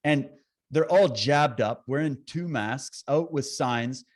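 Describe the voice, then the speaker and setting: A man talking as a podcast guest, telling stories in an animated, swearing, fired-up way with quick impressions. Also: mid-range voice. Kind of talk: casual conversation.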